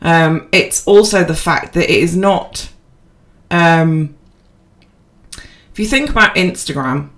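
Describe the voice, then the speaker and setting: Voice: mid-range voice, takes it slowly, fairly bright tone. Rambling casual podcast co-host. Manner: rambling, self-deprecating, with many fillers and restarts. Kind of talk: casual chat.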